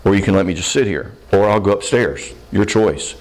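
Animated man counseling a live audience. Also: on the low side, a little fast. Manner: plainspoken, animated, acts out quoted voices. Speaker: counselor answering audience questions.

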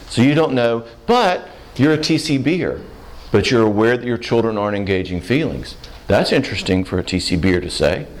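A middle-aged man answering audience questions in a casual seminar talk, telling stories and acting out the people in them. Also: medium pitch. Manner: animated storyteller who acts out the people he quotes.

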